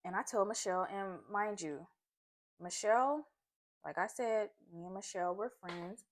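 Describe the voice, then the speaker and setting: A chatty woman tells a story from her own life while she eats, in a loose, animated way. She fills her talk with asides and fillers and keeps checking in with her listener. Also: medium pitch, normal speed. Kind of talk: casual storytime while eating. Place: at home, eating a seafood boil.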